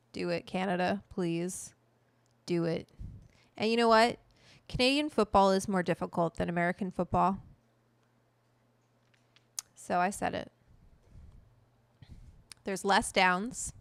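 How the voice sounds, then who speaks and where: Middle-aged woman host, smooth and dry up close; blunt, profane, fired-up livestream chat. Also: medium pitch, dry recording. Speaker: cooking show host.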